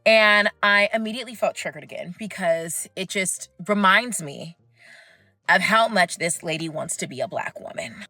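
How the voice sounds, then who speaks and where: A woman's voice: on the low side, expressive, moderate pace, sharp tone, no echo. A young woman ranting casually about someone online, talking in an emphatic, chatty way and stretching out words for stress. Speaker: commentator. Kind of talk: casual opinion rant.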